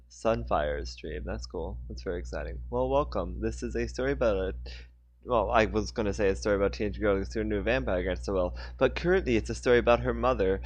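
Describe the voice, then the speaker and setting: A man's voice: lowish voice, brisk, no room sound. A man reading his own story aloud on a live stream, with casual asides and self-corrections. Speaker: author reading his book.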